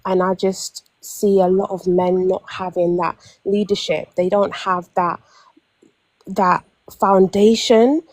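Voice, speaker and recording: Speaking slowly in a mid-range voice, this young Londoner recounts a long story from her own life as a panel caller. It's casual and animated, full of acted-out quotes and frequent restarts, captured in a dry recording.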